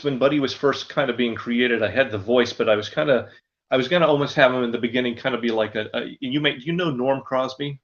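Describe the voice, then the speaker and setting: A man's voice: mid-range voice, muffled recording. An older man who performs as a ventriloquist, telling rambling stories in a casual interview. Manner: rambling, anecdotal storyteller. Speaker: ventriloquist guest.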